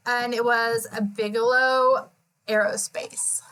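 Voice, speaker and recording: Woman, podcast host, casual recap, chatty, self-correcting, high voice, bright tone. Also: flat delivery, slow, clean tone, low-quality recording. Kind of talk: casual chat recapping a hearing.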